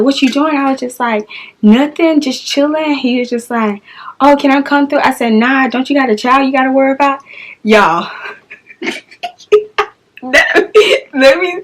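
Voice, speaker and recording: Young woman, high voice, storytime vlog, blunt, exasperated, acts out dialogue. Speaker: vlogger.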